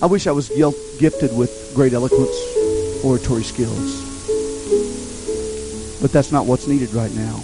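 A man's voice: mid-range voice, unhurried, pauses often, over loud music, low-quality recording. A man preaching a sermon and telling a story with passion and many repetitions.

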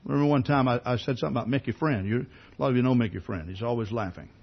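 A man's voice: medium pitch, rapid-fire, vocal fry, husky, highs cut off. A man preaching a sermon in a conversational way, asking many rhetorical questions and often repeating words as he starts a sentence. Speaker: pastor.

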